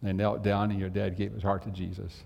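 Gravelly low-voiced preacher man. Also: little pitch movement, brisk, darkish tone, big-room sound. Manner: folksy storytelling, asks the congregation direct questions. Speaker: pastor. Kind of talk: sermon.

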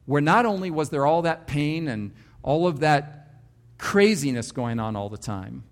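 A man's voice: fairly high pitch, expressive, a little slow. A man, a pastor, preaching a sermon and telling his own story with emphatic, varied delivery.

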